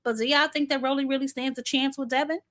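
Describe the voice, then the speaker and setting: A woman's voice: high voice, fairly even intonation, fast talker, fairly bright tone. A woman hosting a casual boxing chat, blunt and talkative, calling out to viewers and swearing offhand, a bit short of breath. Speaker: boxing commentary host.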